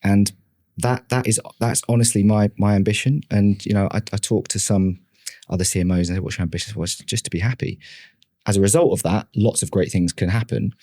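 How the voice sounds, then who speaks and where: A man's voice: on the low side, steady tone, brisk, warm tone, no echo, studio quality. A man, a podcast guest speaking candidly and with self-deprecating humour as he tells his story, often restarting his sentences. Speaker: podcast guest, marketing leader.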